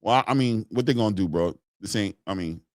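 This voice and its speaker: A man hosting a casual boxing livestream, talking in an excitable, slangy way and hollering often. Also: fairly low pitch, quick pace, dry recording, studio quality. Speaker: boxing commentary host. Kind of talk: casual livestream fight commentary.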